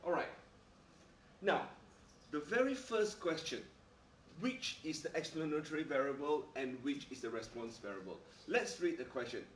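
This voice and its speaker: A man's voice: a little high, animated, moderate pace, slight background noise. Emphatic male teacher in echoey classroom. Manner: emphatic, repeats "all right?" often. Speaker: maths teacher. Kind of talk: classroom lecture. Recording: echoey room, mic far off.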